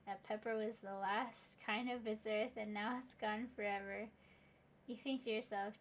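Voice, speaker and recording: A woman's voice: mid-range voice, fairly even intonation, moderate pace, slight background noise. A young adult woman hosting a let's play, reading game narration aloud with playful, giggly asides.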